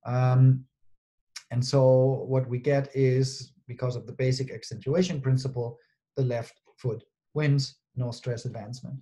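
A man's voice: medium pitch, dark tone. A man presenting an academic talk, explaining step by step with frequent fillers and "right?" checks to his listeners. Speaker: linguistics researcher presenting a talk.

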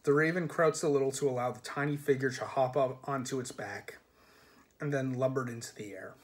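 A man reading a comic fantasy novel aloud in a measured, dry storytelling manner. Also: mid-range voice. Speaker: reader.

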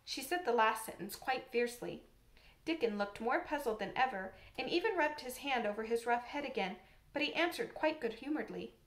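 A woman narrating a classic children's novel aloud in a measured, expressive reading. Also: fairly high pitch, echoey room. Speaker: audiobook narrator. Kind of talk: storybook narration.

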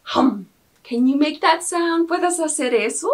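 A woman's voice: high voice, lively intonation, unhurried. A woman in her thirties leading a toddler circle-time lesson, switching between English and Spanish and making playful animal sounds. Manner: sing-song, exaggerated animal sounds and sneezes. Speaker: preschool teacher.

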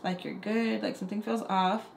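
A woman's voice: mid-range voice, little pitch movement, normal speed, vocal fry, slight background noise. A young woman makeup artist telling a casual storytime, chatty and profane, acting out the people she quotes. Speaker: makeup artist and beauty vlogger. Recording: echoey room.

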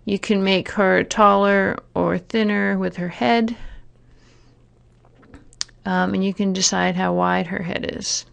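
A woman narrating a software tutorial, explaining each step plainly with occasional fillers. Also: medium pitch, steady tone, takes it slowly, creaky, long pauses. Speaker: teacher giving a software tutorial. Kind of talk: screen-recorded tutorial narration.

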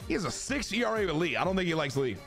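A young man streaming a baseball video game, joking, swearing and shouting at big plays over game music. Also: sits high, very animated, very fast. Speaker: gaming streamer. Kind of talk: excited video game commentary. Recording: game music playing behind.

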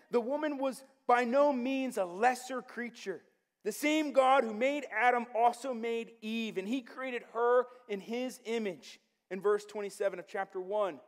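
A man preaches to his church with a fairly high voice. He keeps it conversational, slipping in jokes and asides to the congregation between points. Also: unhurried. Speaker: pastor. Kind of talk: sermon.

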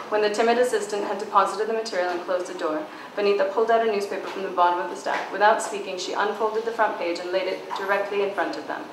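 A woman reading aloud from her own novel at a book launch, giving the dialogue some emphasis. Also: mid-range voice. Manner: reads dialogue with emphasis, casual and halting when answering. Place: bookstore event space. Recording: echoey room, far from mic, background noise.

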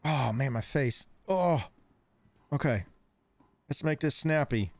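A man streams a game live, his medium-pitched voice animated yet slow and a little mellow in a dry recording. Missing front teeth after dental work give him a mild lisp, while painkillers have him giggling, rambling, and losing focus.

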